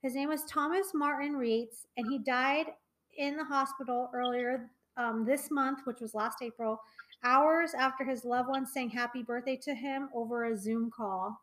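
A woman's voice: high-pitched, steady tone, normal speed, fairly bright tone, low-quality recording. A young woman co-hosting a podcast in a casual chat, rambling with lots of fillers and restarts. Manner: chatty, many fillers and trailing restarts. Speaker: podcast co-host.

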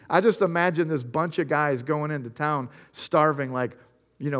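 A man's voice: on the high side, normal speed, fairly bright tone. A man preaching a sermon, retelling Bible stories and speaking earnestly to the listeners. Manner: storytelling, acting out Bible scenes in quoted voices; earnest, addresses listeners directly. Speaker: pastor.

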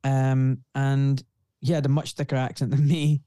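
Mellow, smooth-voiced Scottish man. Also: medium pitch, flat delivery, moderate pace, dry recording. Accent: refined Scottish. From Scotland. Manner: earnest, outspoken, frequent "you know". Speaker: guest, surgeon. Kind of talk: casual interview conversation.

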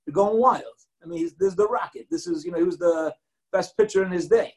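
Man, rabbi type, high voice, lively storytelling lecture with Hebrew and Yiddish terms sprinkled in. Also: quick pace, poor audio. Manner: animated storyteller, acts out quotes, mixes in Hebrew and Yiddish terms. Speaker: rabbi giving a Torah talk.

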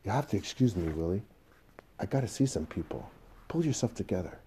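A man's voice: deep voice, expressive, fairly quick, mellow, a little hiss or hum. A man reading the part of an impatient young boss who brushes off an older employee. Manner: curt, dismissive.

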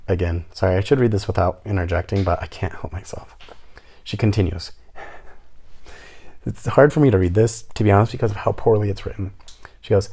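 A man's voice: lowish voice, brisk, long pauses, warm tone. A young man telling a story about a rental applicant, full of sarcastic, mocking asides. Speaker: landlord telling a tenant story. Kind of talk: casual storytelling rant.

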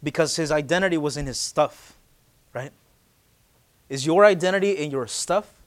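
Late-twenties man preaching a lively sermon. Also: a little high, normal speed. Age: late 20s. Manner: conversational, joking, shifts into loud urgent emphasis. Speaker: pastor.

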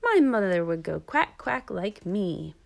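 Storybook duckling, tiny anxious boy, pleading little voice, read by a woman, unhurried and swooping. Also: very animated, vocal fry. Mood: wondering. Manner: small pleading voice, quacks high.

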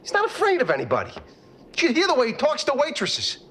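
An actor playing a neurotic, excitable middle-aged man in a sitcom, whiny and stammering. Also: very high-pitched, brisk, slight background noise, exaggerated voice. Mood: gushing. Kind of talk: sitcom acting. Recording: TV clip with background ambience.

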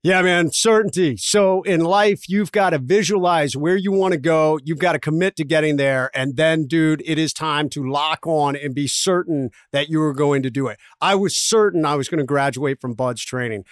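A man's voice: a little high, moderate pace, few pauses, no room sound, clean studio sound. Intense, emphatic male podcast host. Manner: intense, emphatic pep-talk delivery. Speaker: podcast host, former Navy SEAL. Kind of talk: motivational podcast talk.

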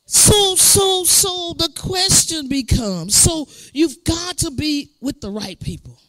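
Bright-voiced woman preaching slowly. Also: high voice, expressive, dry recording, soft background music. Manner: emphatic, call-and-response preaching; drifts into sung, shouted phrases. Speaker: pastor. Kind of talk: sermon.

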